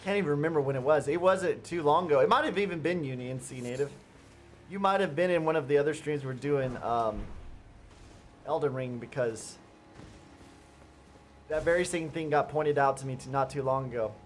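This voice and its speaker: A man giving chatty live gameplay commentary as a streamer, talking straight to his viewers and breaking into excited outbursts. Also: a little high, a little fast, pauses often, slight background noise. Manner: chatty, addresses viewers directly. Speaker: gaming streamer.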